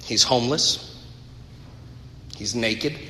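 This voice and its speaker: A man's voice: mid-range voice, takes it slowly, pushed and bright, a little hiss or hum. A man preaching a sermon, retelling a story earnestly with conversational asides to the congregation. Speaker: pastor. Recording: echoey hall with long reverb.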